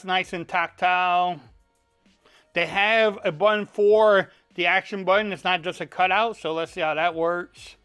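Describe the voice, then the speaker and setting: A man's voice: high voice, fairly bright tone, clean tone. A man with a Cajun accent, chatting casually as he reviews a phone case in a folksy way. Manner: chatty, folksy, says y'all. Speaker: tech reviewer.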